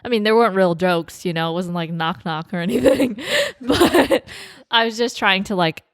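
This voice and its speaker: A woman's voice: mid-range voice, expressive, moderate pace, no echo, clean studio sound. A young woman co-hosting a podcast, chatting casually with lots of fillers, swearing and laughter. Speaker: podcast co-host. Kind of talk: casual chat.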